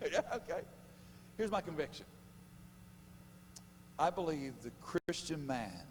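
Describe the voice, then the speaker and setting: A man preaching a sermon at a men's conference in a church, joking, laughing at his own stories and quizzing the crowd. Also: medium pitch. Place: church sanctuary. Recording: long hall reverb with faint hum.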